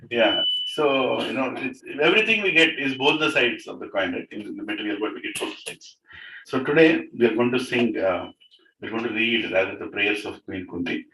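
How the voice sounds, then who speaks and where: Man giving a devotional talk in a house, bright voice, roomy sound. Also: medium pitch. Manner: conversational, asks the audience "right?". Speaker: devotional speaker. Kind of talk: storytelling talk to a gathering. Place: room in a private house. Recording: roomy, distant mic, faint noise.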